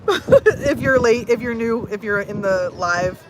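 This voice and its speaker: A woman's voice: fairly high pitch, lively intonation, takes it slowly, a bit bright, low-quality recording. A woman in her thirties, a personal growth coach, chatting casually on a livestream with lots of fillers in a bubbly, talkative way.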